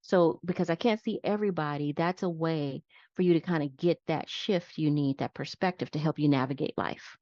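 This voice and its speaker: In a conversational interview, a female psychiatric nurse practitioner guest describes how she practices, plainly and step by step. Her voice is low-pitched and mellow, her pace moderate. The dull, lo-fi sound is dry, with no room sound.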